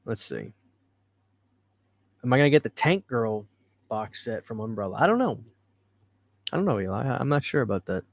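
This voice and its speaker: A man's voice: medium pitch, expressive, moderate pace, creaky, pauses often, no room sound. Chatty man hosting a live stream. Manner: chatty, reads and answers viewer comments, laughs easily. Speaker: livestream host. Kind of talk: casual live chat. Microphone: studio microphone.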